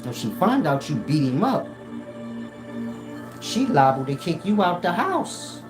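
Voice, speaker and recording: A man telling comic stories to his chat in a slangy, animated way, laughing often and slipping into quoted voices. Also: on the high side, a little slow. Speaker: streamer talking to his chat. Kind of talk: casual comic storytelling. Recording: roomy sound with music behind.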